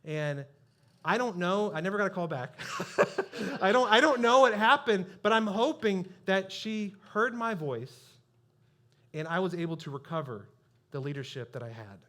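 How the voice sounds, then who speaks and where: A man's voice: high voice, animated, normal speed, bright, forceful tone. A man preaching a sermon as pastor, telling a personal story in a conversational, self-deprecating way.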